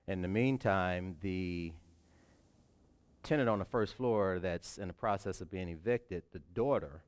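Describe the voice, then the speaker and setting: A deacon telling a personal story to his church in a conversational, unhurried way, with plenty of fillers. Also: low-pitched, smooth. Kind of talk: church testimony.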